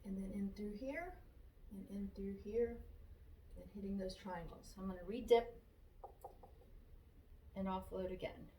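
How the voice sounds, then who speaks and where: A woman's voice: medium pitch, unhurried, long pauses, dark tone, slight background noise. A woman demonstrating a furniture painting technique, casually talking through each brush stroke as she works and repeating her steps aloud. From Florida, USA. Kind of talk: casual how-to narration while working. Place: shop workspace. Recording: echoey room, voice from a distance.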